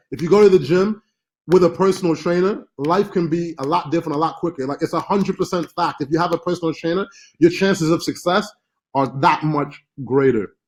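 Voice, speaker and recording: A man hosting a live-stream marketing class, talking casually with many fillers and asides. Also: a little high. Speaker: online marketing course host.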